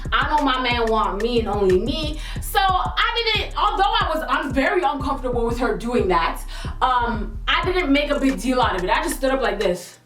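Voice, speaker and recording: A woman's voice: normal speed, reverberant, distant mic, soft background music. Sassy young woman telling a storytime. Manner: animated, sassy, acts out quotes in high exclaiming bursts. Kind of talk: storytime vlog, casual chat.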